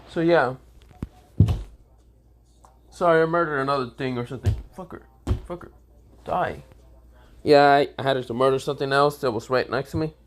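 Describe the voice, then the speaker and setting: A man's voice: medium pitch, slight background noise. Rambling, swearing man telling a fan story. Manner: rambling, profane, self-correcting. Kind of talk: casual improvised fan-story narration. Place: at home.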